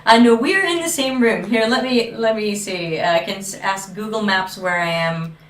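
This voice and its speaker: A woman's voice: mid-range voice, normal speed, slight background noise. Chatty woman co-host, casual live Q&A, roomy and a bit distant from the mic. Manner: chatty, reads out viewer comments. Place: room in a home, in Luxembourg.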